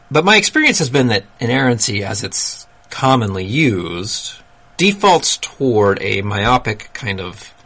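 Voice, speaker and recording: A man hosting a solo talk, explaining ideas in a measured, critical way with dry asides. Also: lowish voice, fairly bright tone, breathy edge. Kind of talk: solo commentary monologue.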